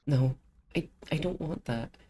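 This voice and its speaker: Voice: medium pitch, measured pace, dark tone, slight background noise, pitched above the performer's own voice, lightly acted. A streamer voicing a clingy, pleading girl. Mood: longing. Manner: begging, clingy. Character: pleading lonely girl who begs others to stay.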